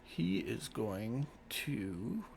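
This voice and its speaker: A man's voice: medium pitch, sing-song, drawn-out words, gravelly, darkish tone, slight background noise. A man narrating as game master, calling out combat results.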